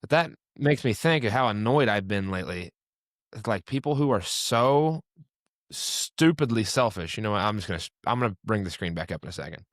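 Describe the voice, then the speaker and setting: A man's voice: lowish voice, animated, fairly quick, no room sound, clean studio sound. A young man hosting a podcast, chatting casually and ranting with heat. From Indianapolis area, USA. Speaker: podcast host. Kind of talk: casual chat.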